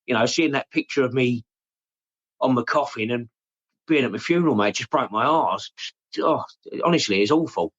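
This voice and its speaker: An English man in his forties, talking openly and haltingly in an interview, often repeating his words and saying "mate". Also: mid-range voice, a bit bright, lo-fi sound. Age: 40s. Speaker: podcast guest. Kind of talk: emotional personal interview.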